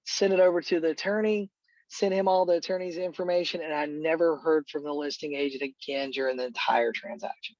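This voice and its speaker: A man's voice: fairly high pitch, steady tone, fairly quick, dry recording, dull audio. A middle-aged man, a real estate agent, telling a story in casual talk on a call, rambling and full of fillers like "dude" and "man".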